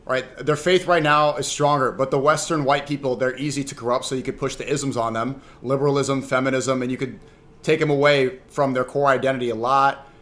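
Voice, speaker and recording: A man's voice: medium pitch, fairly even intonation, brisk, a bit bright. A young man streaming, reacting to clips and chatting casually with his viewers in a rambling way. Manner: rambling, talks to chat.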